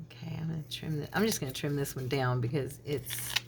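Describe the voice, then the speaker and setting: A woman's voice: low-pitched, fairly even intonation, fairly quick, background noise. A middle-aged woman chatting casually while she crafts, telling stories and laughing often. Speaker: crafting channel host; minister.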